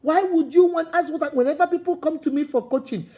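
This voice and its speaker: A woman relationship coach giving an animated, preachy vlog talk, speaking straight to her viewers as sister and brother and acting out quoted dialogue. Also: high-pitched, fast. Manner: acts out quoted dialogue in playful voices. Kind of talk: motivational vlog talk to camera.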